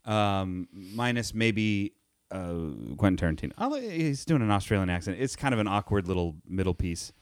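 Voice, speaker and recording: A man's voice: fairly low pitch, big pitch swings, moderate pace, smooth, dry recording, clean studio sound. A man co-hosting a casual movie-talk podcast, rambling and wry, with frequent restarts. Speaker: podcast co-host. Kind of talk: casual chat.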